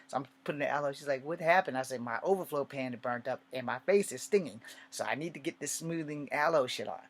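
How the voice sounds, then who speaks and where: Guy rambling through a story, swears a lot, keeps going off on side notes, normal pitch. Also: fast talker. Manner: rambling and profane, with many asides. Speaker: vlogger telling a personal story. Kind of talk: casual storytelling.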